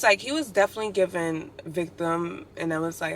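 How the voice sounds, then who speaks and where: A woman's voice: lowish voice, fairly quick, a little hiss or hum. A young woman telling stories in a chatty, opinionated way in a casual vlog, with lots of "like". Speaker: vlogger.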